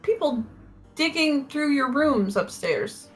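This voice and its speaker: A woman's voice: high-pitched, sing-song, slow pace, faint music behind. A woman narrating as game master of a tabletop game, casual and full of fillers.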